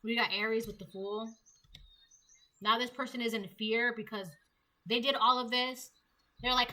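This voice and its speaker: A woman's voice: a little high, steady tone, unhurried, long pauses, sharp tone. A woman giving a casual tarot reading, chatty and acting out the voices she quotes. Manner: chatty, acts out quoted voices, laughs at own jokes. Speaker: tarot reader.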